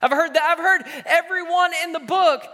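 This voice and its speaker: A man's voice: very high-pitched, normal speed, pushed and bright. A man in his thirties preaching a sermon, exhorting his listeners and acting out the voices in the stories he tells. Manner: exhorting, call-and-response, acts out quoted voices. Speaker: pastor. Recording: reverberant hall.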